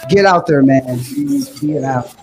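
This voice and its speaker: A man's voice: medium pitch, unhurried, over music. A young man doing a stand-up set in a comedy studio, laid-back, chuckling between jokes. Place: comedy studio stage with live audience.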